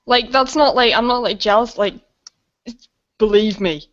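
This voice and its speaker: A young British woman vents in casual chat, blunt, sweary and quick to laugh. Her voice sits a little high. The sound is dull and lo-fi. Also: a bit bright. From Britain. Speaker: guest. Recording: dull lo-fi recording.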